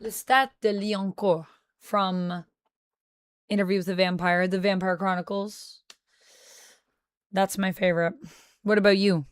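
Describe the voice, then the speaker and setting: A young woman streaming from home, chatting casually with her viewers and thinking out loud into a close mic. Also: medium pitch, flat delivery, unhurried, long pauses, smooth, no echo. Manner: chatty, talks to chat, thinks aloud. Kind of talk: casual livestream chat.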